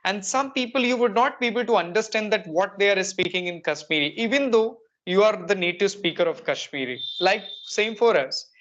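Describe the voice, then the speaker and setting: A woman with an Indian English accent, speaking as an English coach in a practice conversation. She explains patiently and reaches for everyday examples, in a voice of ordinary middle pitch. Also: expressive, brisk, hardly any pauses, dull audio.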